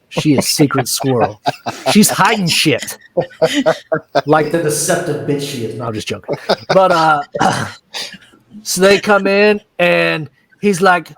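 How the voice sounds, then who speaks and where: High-voiced man crudely retelling a show. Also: no echo. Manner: crude, joking retelling with quoted lines. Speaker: recap host. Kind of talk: casual recap chat.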